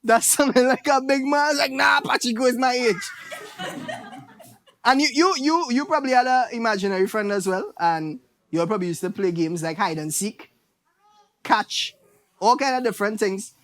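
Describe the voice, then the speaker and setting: This Trinidadian-accented man's voice sits high and runs a little fast as he does stand-up, animatedly spinning stories and imitating family members.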